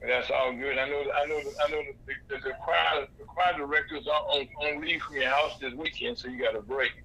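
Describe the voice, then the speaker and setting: Raspy-voiced male radio host. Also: fairly high pitch, steady tone, normal speed, bright, forceful tone, rough recording. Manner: lists cities in a long greeting. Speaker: radio talk show host. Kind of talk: live call-in radio chat.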